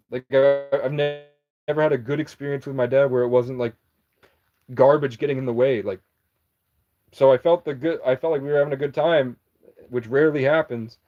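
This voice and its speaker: Young man, casual storytelling, profane and rambling, mellow tone, muffled lo-fi recording. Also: medium pitch. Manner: rambling, profane, jumps back to correct himself. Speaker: vlogger. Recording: dull lo-fi recording.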